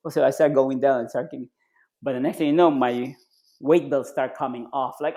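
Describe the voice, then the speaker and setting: Brisk and animated, the podcast guest, a retired Navy SEAL who does triathlons, swaps stories in easygoing conversation. He brings quotes to life with pitch jumps, while his wording stays loose, with plenty of restarts and fillers.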